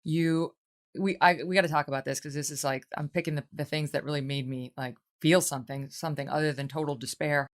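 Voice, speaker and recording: A woman's voice: sits low, fairly even intonation, a little fast. A woman hosting an interview, asking conversational, emotionally engaged questions. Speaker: talk show host.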